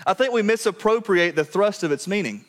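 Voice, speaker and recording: A man preaching a sermon to his church, earnest and direct, often dropping to a quiet low voice to drive a point home. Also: lively intonation, fairly quick. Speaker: pastor. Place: church sanctuary.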